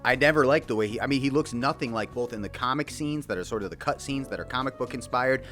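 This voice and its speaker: A man's voice: medium pitch, fast talker, soft background music. Man ranting in a casual, profane commentary. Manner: animated, profane, mocking impressions. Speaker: video commentator.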